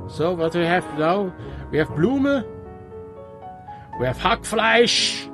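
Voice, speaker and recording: A man with a Swiss German accent, a native Swiss German speaker, giving halting gameplay commentary in English with many restarts. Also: high voice, expressive, music in the background. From Switzerland. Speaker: let's player.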